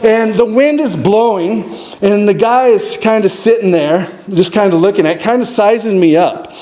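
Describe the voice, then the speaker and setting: High-pitched guy telling a funny camping story on stage, very animated, does voices. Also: moderate pace. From Montana. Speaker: storyteller at a live talk show. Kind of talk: live comedic storytelling. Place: distillery stage before a live audience.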